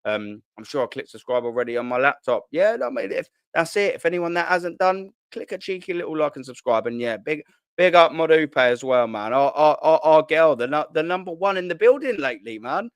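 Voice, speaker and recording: Excitable man chatting on stream. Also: a little high, a little fast, clear, resonant tone, no echo. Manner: excitable, slangy, swears and repeats himself. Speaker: football channel host. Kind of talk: casual live-stream chat. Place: at home, sitting at a kitchen island.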